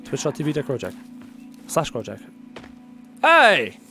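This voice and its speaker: A man's voice: fairly high pitch, huge pitch swings, slow, music in the background. A young man streaming a survival game live, chatting casually with viewers and joking as he plays. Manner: casual, joking, addresses chat as dude.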